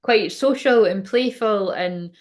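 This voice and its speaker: A woman's voice: mid-range voice, slow. A woman, giving a casual, rambling tarot reading, swearing freely and laughing often. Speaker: tarot reader and medium.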